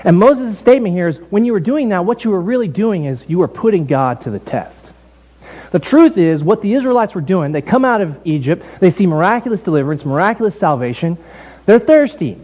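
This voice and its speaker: A man preaching a sermon as pastor in a relaxed, conversational way, telling the story with lively asides. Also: sits high, a little fast, husky, dull audio. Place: church building.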